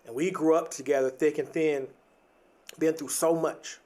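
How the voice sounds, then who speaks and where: A man's voice: a little high, fairly even intonation, moderate pace, darkish tone. A young adult man hosting a podcast, talking in an earnest, reflective motivational monologue, often restarting and leaning on "like" and "right?". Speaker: podcast host.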